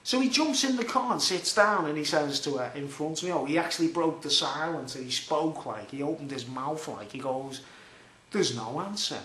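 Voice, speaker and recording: A Scouse man rambles through a long personal story. He is chatty and animated and keeps checking in with his listeners, and his slightly high voice rings around an echoey room. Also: a little fast, hardly any pauses. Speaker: vlogger.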